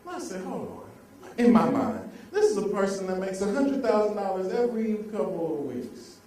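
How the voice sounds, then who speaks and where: A man's voice: sits high, sing-song, brisk, warm tone. A young man giving a live motivational talk, telling stories and leading call-and-response with a crowd. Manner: call-and-response, laughing, storytelling. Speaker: motivational speaker. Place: large hall with live audience. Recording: echoey room, distant mic, faint noise.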